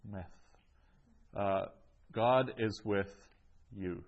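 A man's voice: on the low side, takes it slowly, a little mellow, breathy edge, muffled recording. A man teaching a language lesson, reading each phrase twice before translating it, with frequent ums. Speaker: Greek teacher. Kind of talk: slow explanatory language lesson.

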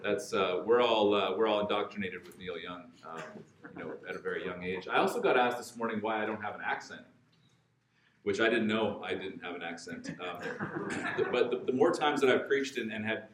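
A man's voice: on the low side, a little fast, noisy background. A man from Alberta, Canada, with a Western Canadian accent, preaching in a conversational, joking way and repeating words for emphasis. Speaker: pastor. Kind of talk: sermon. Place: large church hall. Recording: echoey church hall.

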